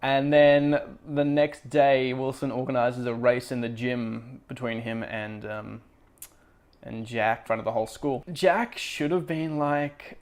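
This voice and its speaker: A man's voice: medium pitch, fairly even intonation, measured pace, darkish tone. A man hosting a casual spoken book review show, rambling and chatty, with lots of fillers, self-corrections and wry, amused asides.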